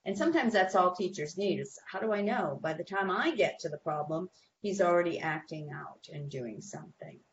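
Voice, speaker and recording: A woman's voice: lowish voice, normal speed, dull audio, slight background noise. A woman giving practical advice to parents on a talk show, telling stories and acting out the people she quotes. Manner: animated storytelling, acts out quoted people. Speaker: guest behavior expert.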